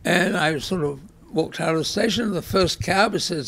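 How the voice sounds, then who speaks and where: An English man in his eighties tells his stories as a guest. His voice sits a little high and rasps with a gravelly edge. He acts out the lines of the people he remembers in a wry, anecdotal way. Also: normal speed, fairly bright tone. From England. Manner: anecdotal, wry, with dramatized quotes. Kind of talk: storytelling in a conversation.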